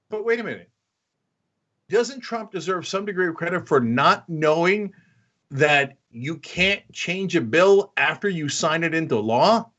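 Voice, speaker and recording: A man with a high, lively voice gives opinionated political commentary, mocking and animated. The sound is dull and lo-fi. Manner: animated, mocking, mimics others in exaggerated voices.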